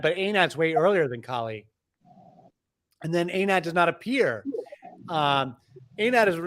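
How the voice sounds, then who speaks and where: A middle-aged man, an author, explaining things in a lively, discursive way with frequent restarts. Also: a little high. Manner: animated storyteller, frequent restarts. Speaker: author, interview guest. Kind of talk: conversational explaining.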